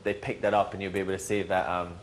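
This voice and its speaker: A man's voice: deep voice, rapid-fire, a little hiss or hum. Chatty young man. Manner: rambling, animated storytelling with restarts. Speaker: reality show housemate. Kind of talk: casual chat.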